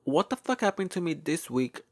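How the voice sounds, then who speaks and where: A young man hosts his podcast alone, telling stories in a sassy, profane way. His pitch swings widely as he talks. He laughs often and drops fillers between sentences. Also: very animated, a little fast. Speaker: podcast host. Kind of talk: casual storytelling monologue.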